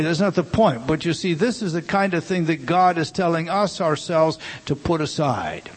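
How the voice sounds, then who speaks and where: A man preaching a sermon, emphatic and repetitive, swinging from hushed asides to loud declarations. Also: a little high, lively intonation, normal speed, few pauses, breathy edge.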